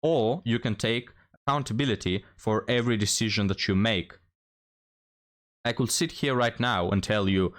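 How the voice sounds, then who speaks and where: A man's voice: lowish voice, normal speed. A man hosting a commentary show, lecturing his viewers and telling a moral story. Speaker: commentary host. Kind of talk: reaction commentary.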